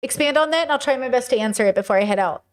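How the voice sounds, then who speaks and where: A woman's voice: fairly high pitch, expressive, racing. A woman hosting a livestream, answering viewers' chat questions in an earnest, emphatic way.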